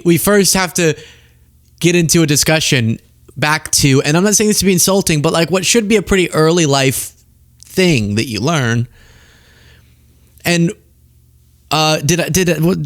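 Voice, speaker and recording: A young man hosting a political commentary show, talking straight to camera in an exasperated, animated way and often laughing mid-rant. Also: a little high, dry recording, studio quality.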